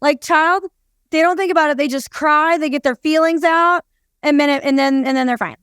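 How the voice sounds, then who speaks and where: A woman co-hosting a casual podcast, talking playfully in quick bursts and repeating her phrases. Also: high voice, a bit bright, no echo, studio quality. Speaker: podcast co-host. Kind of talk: casual conversational podcast chat.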